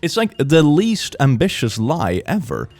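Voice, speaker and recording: A man's voice: a little high, wildly swooping pitch, measured pace, darkish tone, faint music behind. A man hosting a comedic reaction show, reading posts aloud and mocking them with playful sarcasm. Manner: playful, sarcastic, bursts into laughter. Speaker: host.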